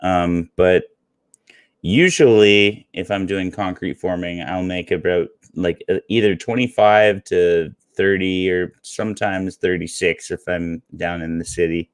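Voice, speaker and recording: A man chatting casually as a guest on a talk show. His voice sits fairly low, and he talks in a relaxed, easygoing way, laughing along as he goes. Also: unhurried, smooth, no room sound, studio quality. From Canada. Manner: laid-back, laughing, easygoing. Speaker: guest co-host. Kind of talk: casual chat.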